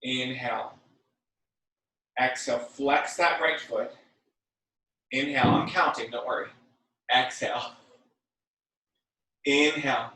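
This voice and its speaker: A man leading a guided workout class, giving calm breath cues with chatty, joking asides. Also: mid-range voice, slow pace, long pauses. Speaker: fitness and yoga instructor. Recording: very echoey room, mic at a distance.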